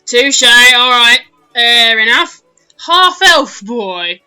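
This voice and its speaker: A woman's voice: a little high, lively intonation, extremely slow, sharp tone, smooth, soft background music, full character voice. A woman with a British accent voicing a rowdy, hearty male gnome who teases the table. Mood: jovial. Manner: boisterous, teasing.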